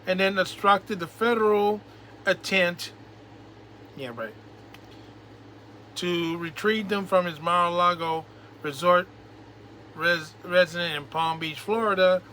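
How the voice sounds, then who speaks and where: A man with a fairly high, sharp and bright voice reads a news story out loud. He stumbles over names and keeps cutting in with sarcastic side comments. A faint hum of noise sits under the recording. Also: fairly even intonation, unhurried. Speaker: political commentary host. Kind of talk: reading a news article aloud with casual asides.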